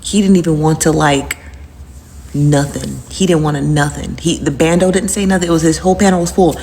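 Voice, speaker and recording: Rambling woman host, lowish voice. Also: a little fast, creaky, warm tone, in a large hall, slight background noise. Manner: rambling and repetitive, with frequent fillers. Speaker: host recapping live-stream drama. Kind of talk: casual chat.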